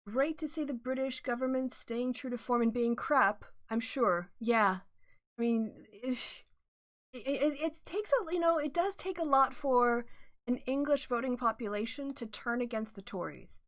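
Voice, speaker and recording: A woman's voice: fairly high pitch, moderate pace. A middle-aged woman hosting a casual livestream, talking through polling in a chatty, analytical way and greeting her viewers. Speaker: livestream host. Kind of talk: casual political livestream chat.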